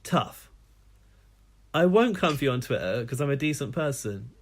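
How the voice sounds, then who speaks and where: A man's voice: medium pitch, sing-song, moderate pace. A man voicing a snarky male listener's ranting email, read in a mocking, sarcastic tone. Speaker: podcast co-host.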